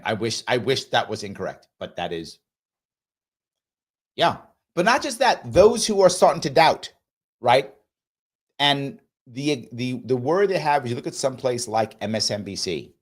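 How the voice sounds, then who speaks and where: Animated male host reading viewer comments. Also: medium pitch, unhurried. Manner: animated, emphatic, repeats phrases for emphasis; does mocking voices of opponents. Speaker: host of a live ask-me-anything show.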